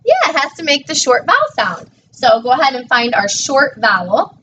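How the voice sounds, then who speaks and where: A woman's voice: high voice, very animated, moderate pace, a bit bright. A woman teacher tutoring a child one-on-one in a patient, encouraging way, praising each answer. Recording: distant dull mic with faint noise.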